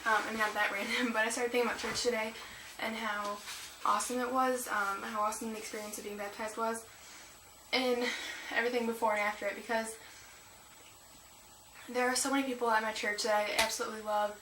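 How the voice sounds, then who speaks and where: A woman's voice: fairly high pitch, little pitch movement, a little fast. Teenage girl vlogging in an echoey room. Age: teens. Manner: rambling, emotional, with frequent laughs and fillers. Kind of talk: casual confessional vlog. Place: room at home. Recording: echoey room, distant mic, noisy.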